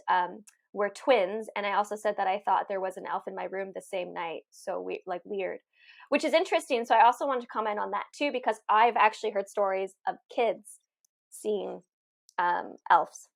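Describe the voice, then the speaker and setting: A woman's voice: mid-range voice, moderate pace, vocal fry. A woman co-hosting a podcast as a medium, chatting casually in a friendly, rambling way. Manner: chatty, many fillers and restarts, laughs often. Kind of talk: casual chat.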